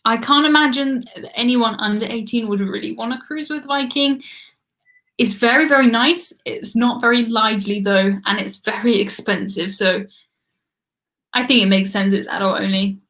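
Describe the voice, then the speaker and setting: A woman's voice: on the high side, steady tone, normal speed, fairly bright tone. An English woman hosting a live trivia stream, chatting casually and laughing often as she reads viewer comments.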